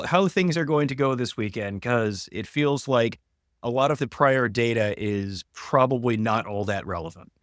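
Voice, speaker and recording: A man's voice: medium pitch, animated, normal speed, no echo. Man, podcast co-host, wry, conversational, dry studio sound. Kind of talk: casual sports podcast banter.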